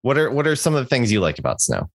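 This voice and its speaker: A man's voice: mid-range voice, wildly swooping pitch, racing, creaky, dry recording. A man co-hosting a podcast, chatting casually and joking in an easygoing way. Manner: joking, easygoing, lots of restarts. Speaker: podcast co-host. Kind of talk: casual chat.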